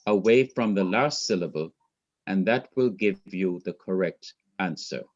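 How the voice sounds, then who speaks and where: A man's voice: low voice, lively intonation, unhurried, lo-fi sound. A man from Jamaica teaching a Hebrew class online, explaining patiently and repeating his points.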